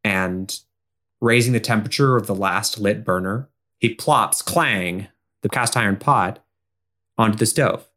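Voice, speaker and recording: A man's voice: on the low side, unhurried, sharp tone. A man playing a tabletop role-playing game, narrating his character's actions in a casual, rambling way. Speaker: player.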